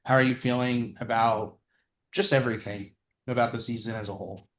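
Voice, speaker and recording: Casual male host, mid pitch, chatty with fillers. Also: brisk. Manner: relaxed, chatty, hesitant with fillers. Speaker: host of an online game show. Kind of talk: casual hosting on a call.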